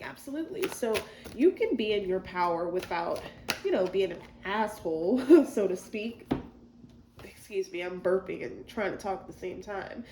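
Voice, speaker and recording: A woman giving a casual tarot reading, chatty and rambling, with many fillers and asides. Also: medium pitch. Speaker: tarot reader. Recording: echoey room with faint noise.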